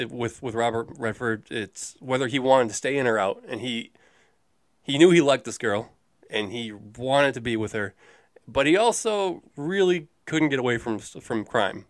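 A man's voice: medium pitch, a bit bright, dry recording, clean studio sound. A man co-hosting a movie review podcast, chatting casually in a rambling, jokey way with the odd swear. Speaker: podcast co-host.

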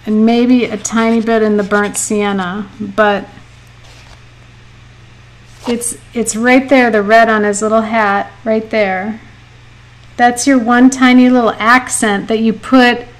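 This is a live painting lesson with chat: a middle-aged woman teaches watercolor on stream, talking freely, laughing a lot and reading out viewer comments. Her voice is slightly high, and the recording quality is rough.

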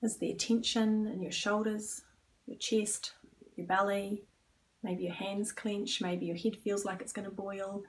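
Calm woman coach guiding an exercise. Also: mid-range voice, a little slow, recorded from a distance, a little hiss or hum. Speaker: stress coach. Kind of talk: guided exercise instruction.

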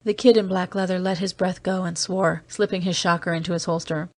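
A terse, weary agent tells his own story, read by a woman in an audiobook. The delivery is steady and measured, recorded dry and close. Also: on the low side, no room sound. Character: weary man, seasoned off-world agent, terse. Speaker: audiobook reader. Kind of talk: scripted narration.

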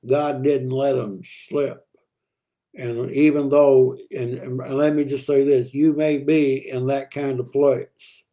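A man with a mellow, warm voice at a middle pitch leads a midweek Bible study. He reads verses in old-fashioned wording, then talks them through in a plain, conversational way with many fillers and restarts. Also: flat delivery, slow. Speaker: preacher teaching a Bible study.

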